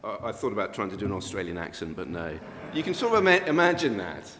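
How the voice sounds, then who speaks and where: A man's voice: on the low side, big pitch swings, fast talker, fairly bright tone, a little hiss or hum. An older man preaching a sermon in a conversational way, with sudden emphatic rises. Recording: long reverb of a church hall.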